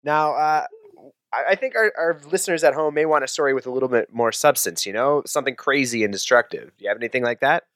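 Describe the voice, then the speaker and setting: A man hosting a comedy podcast interview, prodding his guest in a deadpan, polite way. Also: mid-range voice, fast, no room sound, clean studio sound. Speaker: podcast host.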